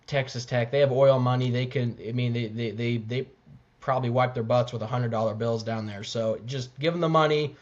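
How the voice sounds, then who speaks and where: A man co-hosting a casual sports podcast, speaking haltingly with many repeated words and restarts. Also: medium pitch, fairly even intonation. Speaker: podcast co-host. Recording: slightly dull lo-fi mic.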